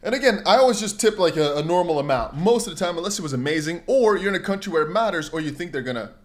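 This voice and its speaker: Animated young man chatting on a livestream. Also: high-pitched, fast talker. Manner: animated, rambling, jumps into mock voices and exclamations. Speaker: crypto livestream host. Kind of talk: casual livestream chat, reading viewer comments.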